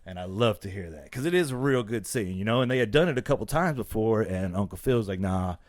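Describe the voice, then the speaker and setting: A man hosting a casual podcast, telling stories in an animated way and acting out the quotes. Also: fairly low pitch, fast, no echo, studio quality. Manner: animated storyteller, acts out quotes. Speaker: podcast host. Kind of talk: casual chat.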